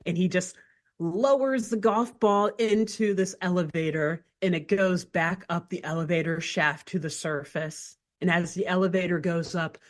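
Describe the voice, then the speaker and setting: Lively woman retelling a cartoon. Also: fairly low pitch, normal speed. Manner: animated storyteller, frequent "like" fillers. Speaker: podcast co-host. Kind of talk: casual chat, retelling a cartoon episode.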